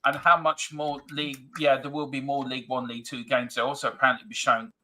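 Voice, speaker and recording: A man's voice: medium pitch, flat delivery, fast talker, pushed and bright, slight background noise. A man co-hosting a casual fan live stream, reading viewer comments aloud and laughing often. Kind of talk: casual chat.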